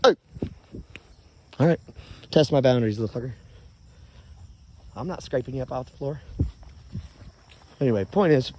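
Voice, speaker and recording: A man's voice: mid-range voice, expressive, moderate pace, pauses often, a little mellow, a little hiss or hum. A man ranting angrily and profanely into his phone camera while outdoors in his yard, stoned and rambling. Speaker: vlogger.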